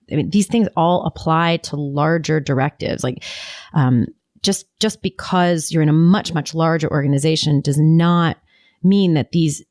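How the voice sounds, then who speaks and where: A woman's voice: low-pitched, darkish tone, dry recording, studio quality. A woman hosting a podcast in casual conversation, thinking aloud and often restarting her sentences. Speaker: podcast host.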